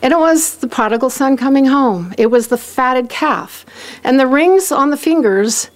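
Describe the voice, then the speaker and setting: A woman telling a personal story in a lively way, acting out the voices of the people in it and often laughing as she talks. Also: high-pitched, normal speed. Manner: animated, acts out quoted voices; often laughs while talking.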